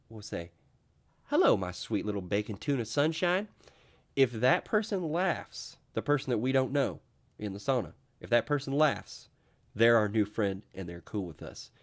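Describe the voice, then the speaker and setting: A young man hosting his own talk show, rambling casually with lots of fillers and restarts. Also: medium pitch. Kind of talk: casual solo vlog monologue.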